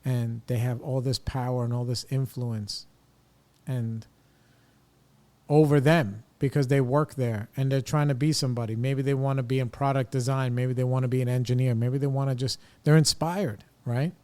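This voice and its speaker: A man's voice: medium pitch, little pitch movement, normal speed, mellow. A middle-aged man hosting a podcast, ranting bluntly and casually in slangy opinionated talk. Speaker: podcast host.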